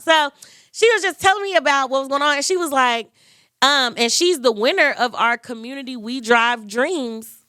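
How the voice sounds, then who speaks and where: A young woman tells a story in a bright, forceful voice, higher than most. She gushes and acts out every quote. The sound is close and dry. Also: no echo. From Memphis, Tennessee. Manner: gushing, animated, quotes others. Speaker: podcast host. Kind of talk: excited storytelling vlog.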